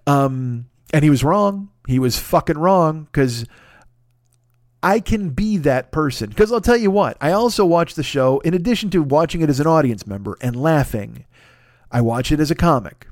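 A man's voice: a little high, normal speed, dry recording. Male stand-up hosting his own show, dry close mic, profane and worked-up monologue. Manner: animated, swearing, rants with mounting excitement. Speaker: podcast host; stand-up comedian.

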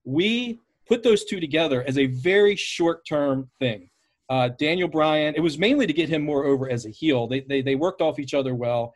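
A man's voice: on the high side, moderate pace. Rambling male podcast host. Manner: rambling, hesitant questions with many fillers. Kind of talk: casual interview chat.

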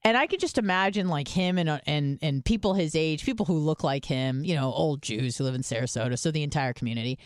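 A woman's voice: deep voice, quick pace, hardly any pauses, no echo, studio quality. A woman co-hosting a podcast, telling stories in casual chat and rambling loosely with lots of filler words. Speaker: podcast co-host.

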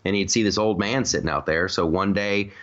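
A man's voice: sits low, fairly quick, a bit bright, highs cut off. A man hosting a casual, comedic podcast chat, rambling through stories with many restarts and laughs. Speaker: podcast host.

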